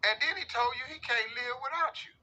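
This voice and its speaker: High bright-voiced man joking on radio. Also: fairly quick, muffled recording, slight background noise. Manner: animated, drawling, playful slang. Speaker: radio show host reading a listener letter. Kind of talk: comedic radio commentary.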